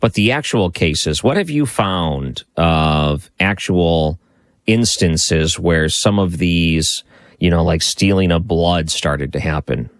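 A man's voice: low voice, slow pace, dry recording. A man hosting an interview, asking curious follow-up questions. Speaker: host.

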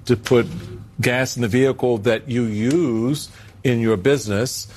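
A man hosting a political talk show, speaking in a measured way with many fillers. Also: mid-range voice, fairly even intonation, a little mellow, slightly rough.

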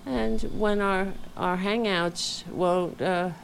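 A woman's voice: medium pitch, steady tone, takes it slowly, vocal fry, slight background noise. A woman hosting a casual livestream chat from home, rambling and candid, sounding tired. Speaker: podcast host. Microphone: home studio microphone.

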